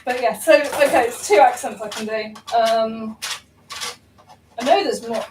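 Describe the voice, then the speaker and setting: A young woman, a baking vlogger, chats casually while baking at home, rambling and poking fun at herself with lots of ums and laughs. Her voice is on the high side, a little mellow, at normal speed, heard from far off in a roomy kitchen with a little hiss or hum.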